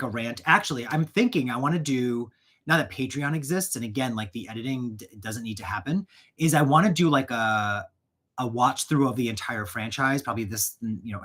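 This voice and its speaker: A man hosting his own channel, chatting casually while wrapping gifts, animated and prone to going off on rants and tangents. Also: medium pitch. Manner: animated, ranting, goes off on tangents. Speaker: channel host.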